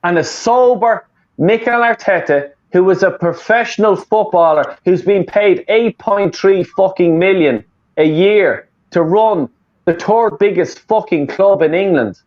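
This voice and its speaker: A man's voice: sits high, measured pace. A man from Dublin with an Irish accent, ranting casually and swearing a lot as a football fan co-host. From Ireland, Dublin. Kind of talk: casual chat. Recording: muffled lo-fi audio.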